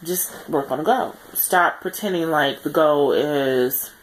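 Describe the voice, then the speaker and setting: A tired woman speaking earnestly in a personal video diary, pausing often and correcting herself as she reflects. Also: deep voice, rough recording. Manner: reflective and earnest, many pauses and self-corrections. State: tired, yawning. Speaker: vlogger on a weight-loss journey.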